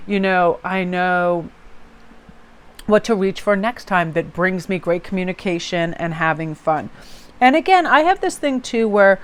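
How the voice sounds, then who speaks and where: Woman vlogger, lower register, upbeat and chatty, motivational casual tone. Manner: chatty and upbeat, quick laughs and asides. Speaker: tarot channel host. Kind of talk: casual motivational vlog talk.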